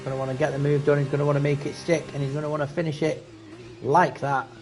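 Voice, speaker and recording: A man giving casual live commentary on a sim racing event, chatty and excitable at close battles. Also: on the high side, quick pace, soft background music. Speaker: race commentator.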